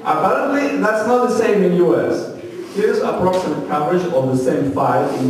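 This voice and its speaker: A man's voice: sits high, slight background noise. Russian-accented man doing stand-up, echoey club. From former Soviet Union. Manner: deadpan, quick, heavily accented storytelling. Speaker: stand-up comedian. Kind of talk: stand-up comedy. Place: comedy club stage. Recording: echoey club sound from a distant mic with crowd.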